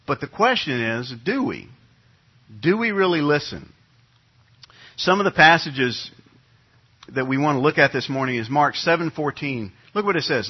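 A middle-aged male pastor tells a homely story from the pulpit, easygoing and full of little restarts. His voice is a touch husky, and it comes across a bit dull and muffled, like a church sound system. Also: fairly high pitch, lively intonation, normal speed. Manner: conversational, folksy storytelling with many restarts. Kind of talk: sermon with personal anecdote. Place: church sanctuary.

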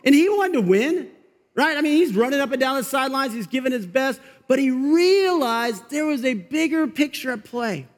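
A male pastor preaching an energetic, conversational sermon in a church, with quick asides to the congregation. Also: very high voice, big-room sound. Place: church sanctuary.

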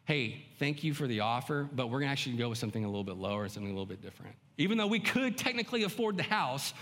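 A man's voice: on the high side, fairly bright tone. A male pastor preaching a sermon in a conversational way, often acting out the inner voices of his listeners. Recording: long hall reverb.

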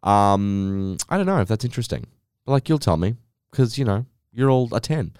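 A man's voice: lowish voice, lively intonation, normal speed, darkish tone, clear, resonant tone, no echo, studio quality. A man hosting a casual solo podcast, telling rambling stories in a sassy, swearing way. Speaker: podcast host.

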